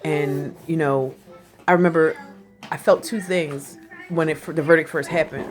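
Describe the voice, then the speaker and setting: Woman, 40s, casual vlogger: lower-pitched, chatty and animated, laughs through her lines. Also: a little slow. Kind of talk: casual commentary vlog.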